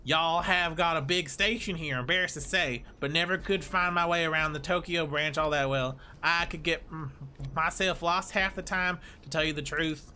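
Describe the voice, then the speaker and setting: A man voicing a folksy country bumpkin police officer with a put-on Southern US drawl, slow and friendly. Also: a little high, bright, forceful tone, a little hiss or hum.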